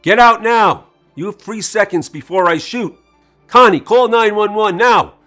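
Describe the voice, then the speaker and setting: A man voicing a confused, panicked father in his seventies who shouts with a cracking voice. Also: on the low side, unhurried, soft background music, close to an everyday voice.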